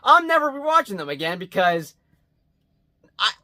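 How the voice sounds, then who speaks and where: A man doing a casual movie review vlog, talking bluntly and swearing, swinging between loud outbursts and quiet muttered asides. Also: sits high, sing-song, moderate pace. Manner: blunt and profane.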